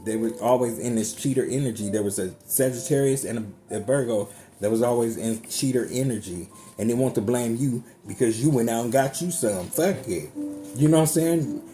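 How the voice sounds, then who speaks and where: A man's voice: medium pitch, brisk, warm tone. A man giving a casual tarot reading to his viewers, chatty and emphatic, swearing freely. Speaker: tarot card reader. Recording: music playing underneath.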